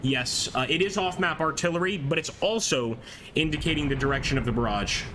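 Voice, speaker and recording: A man giving chatty, excited live commentary on a strategy war game, reading chat aloud and laughing often. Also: a little high, a little fast, noisy background. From American. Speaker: gameplay streamer.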